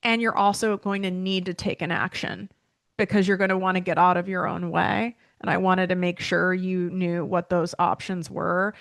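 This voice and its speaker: A woman's voice: lowish voice, level tone, normal speed, vocal fry, fairly bright tone, no echo, studio quality. A woman hosting her own podcast in a chatty, emotional way, full of fillers, near tears as she speaks. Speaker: podcast host and business coach. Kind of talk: casual solo podcast talk.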